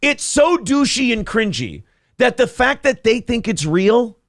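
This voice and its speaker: A man co-hosting a casual podcast, ranting sarcastically and mocking his critics in shouted put-on voices. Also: extremely high pitch, very animated, unhurried, no room sound, studio quality. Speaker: podcast co-host. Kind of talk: casual profane banter.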